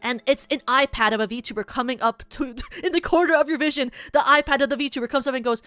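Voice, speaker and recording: A woman VTuber with a high, slightly bright voice talks fast and hardly pauses, chatting casually on stream. Giggly and rambling, she spins hypotheticals packed with "like," and the studio sound is clean with no echo.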